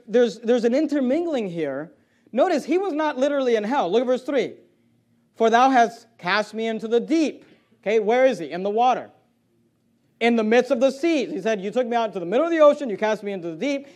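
High-voiced preacher with big swings. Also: male voice. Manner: preaching with loud swells and drops, reading scripture aloud. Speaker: pastor. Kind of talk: sermon.

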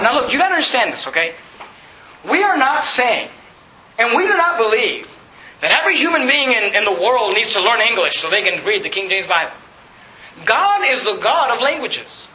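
A male pastor preaching an emphatic sermon to a congregation, repeating his points and rising to shouts. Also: extremely high pitch, big pitch swings, moderate pace, slight background noise. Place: church hall. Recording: roomy, slightly dull, congregation audible. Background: congregation responding.

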